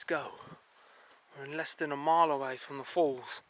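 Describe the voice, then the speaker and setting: A man's voice: a little high, fairly even intonation, fairly bright tone, poor audio. A man vlogging while he hikes in the countryside, chatty and joking, talking to the animals he passes. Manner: jokey, chatty, talks to animals. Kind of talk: casual vlog commentary while hiking. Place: outdoors in the countryside near a stream and waterfall. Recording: outdoor recording with rushing water noise.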